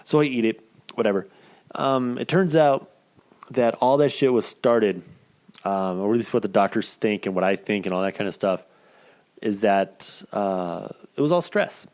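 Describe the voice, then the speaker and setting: A man in his thirties hosting a podcast, telling a personal story in a casual, profane, animated way. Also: fairly low pitch, moderate pace. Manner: profane, animated, acts out quoted voices. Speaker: podcast host.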